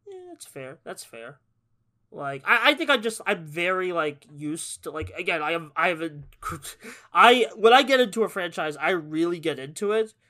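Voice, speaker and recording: A man's voice: high-pitched, very animated, moderate pace, sharp tone. A man guesting on a movie podcast, talking in an easygoing, hesitant way and stumbling over his words. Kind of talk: casual movie review chat.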